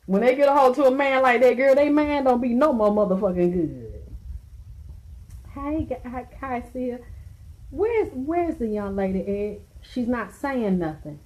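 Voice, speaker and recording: A woman hosts a casual live stream, full of profanity and bursts of laughter. She talks straight to her viewers in a bold, teasing way. Her voice sits a little high. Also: lively intonation, a little slow, a little mellow. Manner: brash, profane, laughing, talks back to a chat.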